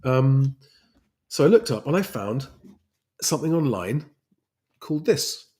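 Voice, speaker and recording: A man's voice: mid-range voice, sing-song, measured pace, a little mellow, husky. An English man hosting a casual livestream, chatting loosely with plenty of fillers and restarts as he answers viewer questions. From England. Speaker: livestream host and private pilot.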